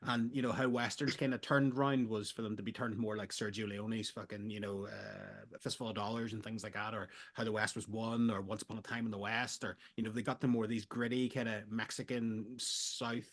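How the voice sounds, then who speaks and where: Man, podcast co-host, casual rambling chat, jokey, loud bursts. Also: fairly low pitch, brisk, hardly any pauses. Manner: rambling, jokey, gets loud when excited.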